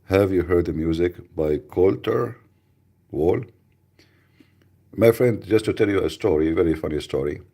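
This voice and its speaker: A man hosting a live radio show, chatting casually with mocking, rambling, deadpan asides. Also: sits low, unhurried, gravelly, long pauses, husky. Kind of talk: casual joking livestream chat.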